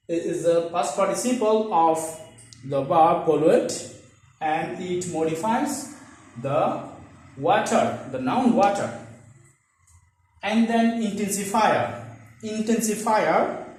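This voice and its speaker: A man, an English lecturer, teaching an online grammar lesson and repeating each example slowly. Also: sits high, lively intonation, darkish tone. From Bangladesh. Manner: slow, repeats example sentences, restarts words. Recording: echoey room, far from mic.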